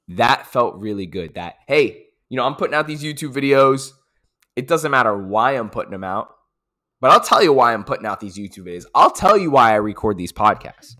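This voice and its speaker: A man talks through his race in a casual podcast recap, his pitch swinging up and down with lots of energy. He gets pumped up, repeats lines for emphasis and drops swear words. He sounds like an athlete reliving a hard-won result. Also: very animated, brisk, bright, forceful tone.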